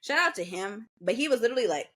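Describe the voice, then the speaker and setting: A young woman co-hosting a podcast, talking in relaxed, slangy casual chat and reacting with short replies. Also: on the high side, fast talker. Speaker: podcast co-host.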